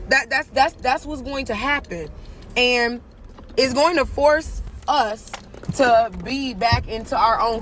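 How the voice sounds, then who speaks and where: A woman's voice: on the high side, a bit bright, a little hiss or hum. A woman hosting, reacting to clips in earnest casual commentary, thinking aloud.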